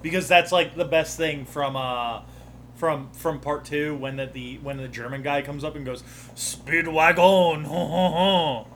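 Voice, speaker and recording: This podcast guest was the game master for the campaign, and he talks in a loose, rambling way, often interrupting himself and cursing without much thought. His mid-range voice is steady and a bit bright, moving at a moderate pace over a slight hiss or hum.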